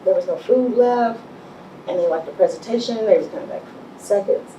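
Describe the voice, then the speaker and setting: A middle-aged woman, an animated storyteller who laughs often and acts out what people said, as an interview guest. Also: medium pitch, normal speed, slight background noise. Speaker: business owner guest. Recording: echoey room, mic far off.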